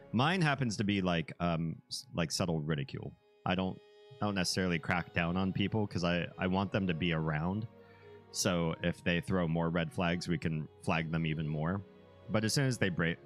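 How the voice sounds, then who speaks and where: Male streamer with a very deep bass voice; loose, rambling casual chat with frequent chuckles, soft music behind. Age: young adult to middle-aged, a parent. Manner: rambling, easygoing, chuckles often.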